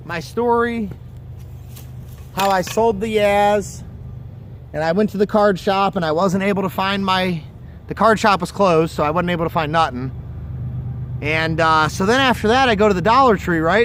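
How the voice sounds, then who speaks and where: A man's voice: high-pitched, fairly bright tone, a little hiss or hum. A man hosting a fishing livestream from outdoors by the water, chatting casually and telling stories in a rambling, profane way. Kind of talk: casual chat. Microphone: phone or camera on a livestream.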